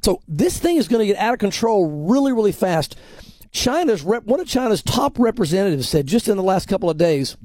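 A man with a high voice and a mellow, dark tone, talking through his views as a pastor on a podcast. He presses his points emphatically and often repeats words as he builds them. The sound is close and dry. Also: no echo. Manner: acts out other people's lines in quoted voices. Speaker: pastor and prophecy commentator. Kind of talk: conversational podcast commentary.

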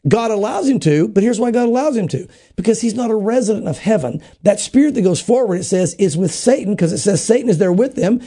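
A man, a pastor, teaching the Bible in a podcast conversation, acting out scripture dialogue in quick quoted voices and often restarting his sentences. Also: high-pitched, lively intonation, mellow. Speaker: pastor, show regular.

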